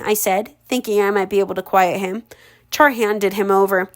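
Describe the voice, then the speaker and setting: With a mid-range voice and fairly even intonation, a woman reads a storybook to a relative at a moderate pace. It's a casual read-aloud, peppered with self-corrections and chatty commentary.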